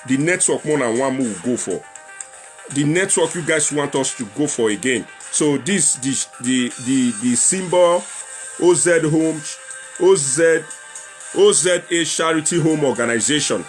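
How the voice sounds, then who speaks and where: A man's voice: fairly high pitch, unhurried, soft background music. A young man with a Nigerian accent hosting a casual livestream talk show, chatting and repeating himself as he appeals to viewers and slips into Pidgin. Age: young adult.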